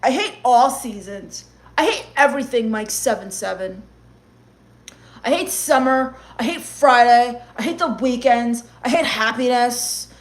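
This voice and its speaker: A woman with a high voice reads chat messages on a comedy livestream. She answers them with sarcastic, gloomy, mock-goth rants. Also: lively intonation, a little slow.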